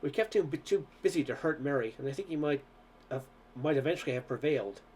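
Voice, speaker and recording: A man's voice: fairly high pitch, expressive, fast, a little mellow, slight background noise. Man earnestly reading a novel aloud. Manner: earnest storytelling with occasional stumbles. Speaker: audiobook reader.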